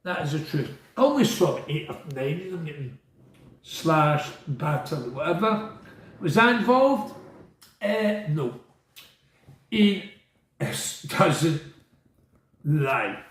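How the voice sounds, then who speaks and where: A man's voice: on the high side, lively intonation, takes it slowly, pauses often, roomy sound, rough recording. A man telling stories about his time as a prisoner in a rambling monologue. He is blunt, swears, strays off track and asks and answers his own questions.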